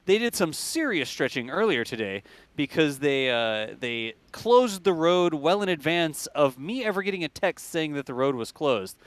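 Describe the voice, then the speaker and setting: A man talks through a live rocket test in a loose, joking way and explains things plainly. His voice sits fairly high and sounds smooth and clear. The mic is close and dry. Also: sing-song, normal speed, hardly any pauses, no echo. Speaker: livestream host. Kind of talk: casual live commentary.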